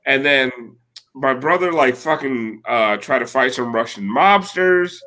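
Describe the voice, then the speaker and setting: A man's voice: mid-range voice, animated, measured pace, bright, forceful tone. A man in his late thirties telling a rambling, profane story in casual chat as a podcast co-host. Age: late 30s.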